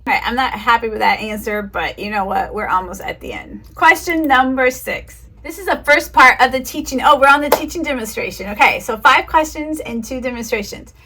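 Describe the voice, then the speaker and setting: A woman tutor giving clear, encouraging, teacherly answers to interview questions and acting out a mock lesson. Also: on the high side, a little fast, few pauses, sharp tone, a little hiss or hum. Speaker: online tutor.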